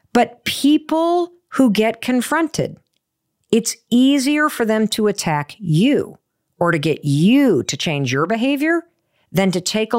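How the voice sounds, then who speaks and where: A woman giving motivational advice, telling a self-deprecating personal story with emphatic repetition. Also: on the high side. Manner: emphatic, repeats key points.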